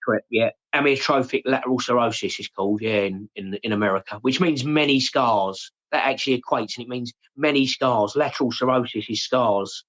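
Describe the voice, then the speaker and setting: An English man in his forties, talking openly and haltingly in an interview, often repeating his words and saying "mate". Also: medium pitch, fairly bright tone, muffled recording. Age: 40s. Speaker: podcast guest. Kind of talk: emotional personal interview.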